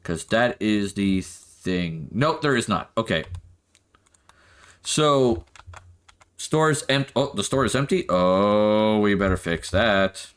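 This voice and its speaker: A man's voice: fairly low pitch, expressive, takes it slowly, clear, resonant tone. A man streaming a game, chatting casually and laughing often as he rambles. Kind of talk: casual live-stream chat.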